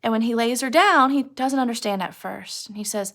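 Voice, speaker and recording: Gravelly woman retelling a chapter to a class. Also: fairly high pitch, fairly quick, fairly bright tone. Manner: casual, chatty retelling that acts out lines of dialogue. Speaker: teacher. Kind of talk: retelling a novel chapter to students.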